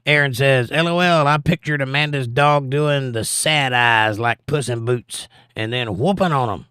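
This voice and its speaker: A man with a relaxed drawl chats through his livestream and reads out viewer comments. His voice sits at a middle pitch, and the sound is close and dry, with no room echo. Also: normal speed, clear, resonant tone. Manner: laid-back, folksy, drawling. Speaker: livestream host. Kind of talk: casual live-stream chat, reading viewer comments.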